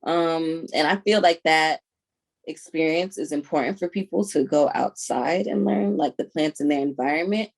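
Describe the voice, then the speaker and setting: A woman's voice: deep voice, vocal fry, rough recording. A young woman chatting casually as a podcast guest, telling stories with lots of "like" and easy laughs. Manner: chatty storyteller, heavy use of "like", quick laughs. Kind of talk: casual chat.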